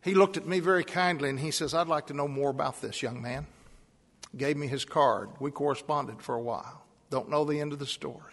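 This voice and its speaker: In a long, reverberant hall, a man with a high-leaning, somewhat bright voice preaches at a fairly quick pace. As a pastor he shares a personal story, then rises into insistent, repeated calls.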